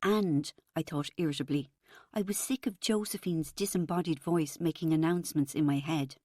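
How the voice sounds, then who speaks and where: A woman narrating an audiobook in the first person, with a wry, expressive storytelling manner. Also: on the low side, normal speed, no room sound, studio quality.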